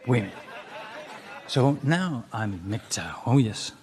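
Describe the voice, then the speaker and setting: A man with a Dutch accent doing a crude, mocking stand-up routine, often jumping into loud, high exclamations. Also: expressive, a little slow, husky. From Netherlands. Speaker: comedian.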